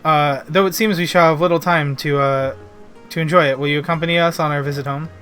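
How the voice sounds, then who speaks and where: A polite, measured young nobleman from a fantasy game, earnest and formal in his phrasing, read aloud by a man on a game stream. The voice is bright and fairly high, with faint music behind it. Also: fairly even intonation, natural voice. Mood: apologetic.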